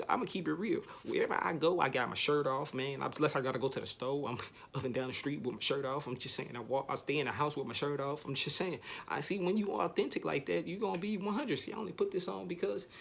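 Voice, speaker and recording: A man vlogging a casual motivational monologue, slangy and repetitive, sometimes jumping up into a higher, animated voice. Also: creaky, breathy edge.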